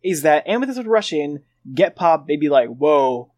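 A man's voice: on the high side, lively intonation, fairly quick, a little mellow, no echo. A laid-back young man chatting casually on a podcast, filling his talk with "like". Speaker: podcast co-host. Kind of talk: casual chat.

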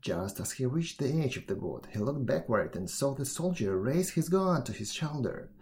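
A man reading a fairy tale aloud as a storyteller, with expressive, measured narration. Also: mid-range voice.

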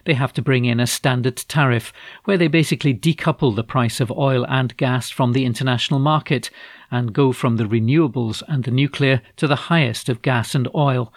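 A man with a Scottish accent reading newspaper articles aloud in a steady, measured way for a volunteer news service. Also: medium pitch, dry recording, clean studio sound.

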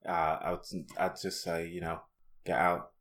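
A man's voice: deep voice, flat delivery, normal speed, fairly bright tone. A man in a casual chat, answering bluntly and doubting his co-host's stories. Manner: dry, blunt, sceptical.

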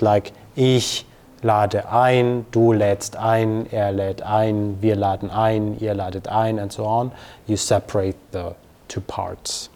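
A man teaching grammar to a learner, explaining patiently with fillers and slow, careful pronunciation examples. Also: mid-range voice, darkish tone. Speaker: German teacher.

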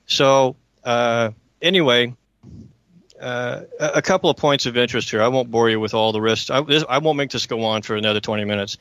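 A man's voice: medium pitch, fairly quick, fairly bright tone, dry recording. Earnest man telling his story on radio. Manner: earnest, emphatic, keeps checking in with listeners. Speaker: radio show host.

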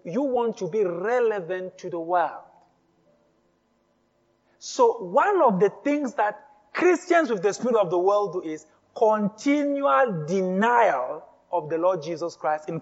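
A man preaching a sermon as pastor, speaking emphatically, repeating key phrases and building up to shouts. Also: high voice, in a large hall, dull audio.

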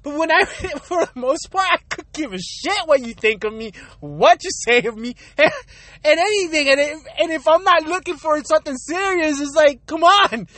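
A man's voice: extremely high pitch, animated, normal speed, bright, forceful tone, no room sound. A young man ranting casually and bluntly, swearing and laughing often as he talks. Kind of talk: casual rant.

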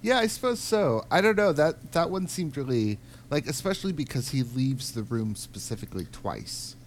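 A man's voice: medium pitch, lively intonation, normal speed, slight background noise. A man co-hosting a podcast, chatting casually about a video game and thinking aloud with frequent ums. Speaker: podcast co-host.

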